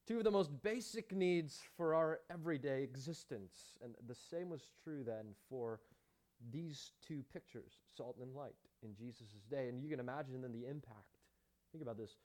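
This pastor's sermon is emphatic, punctuated with rhetorical questions and conversational asides to his congregation, delivered in a darkish, mid-range voice at a moderate pace.

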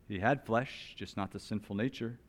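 A pastor with a fairly low voice preaches an expository sermon in an animated, emphatic style. He gets loud on some points and sinks to a soft, slow voice on others, so his volume swings widely.

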